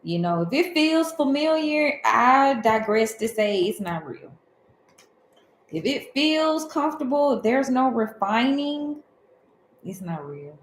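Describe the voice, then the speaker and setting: A woman's voice: on the high side, big pitch swings, slow, echoey room, a little hiss or hum, rough recording. A woman from Alabama with a Southern accent, giving a rambling, conversational spiritual talk as a tarot host.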